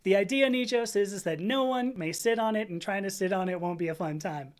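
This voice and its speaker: A middle-aged American woman reads chat on her casual livestream, her mid-range voice moving a little fast. Her answers to comments ramble, and she keeps correcting herself.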